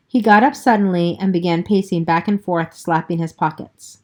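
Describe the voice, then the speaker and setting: A woman reading a novel aloud in a steady first-person narration, with the occasional slip. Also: fairly low pitch, moderate pace, few pauses. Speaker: reader.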